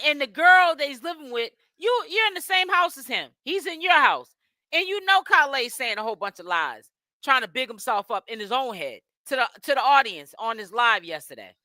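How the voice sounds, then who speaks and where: A woman with a high, bright, sharp voice runs a gossip commentary, blunt and critical as she explains. The sound is dry and close, with no room around it. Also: lively intonation, moderate pace, no echo. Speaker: commentary channel host.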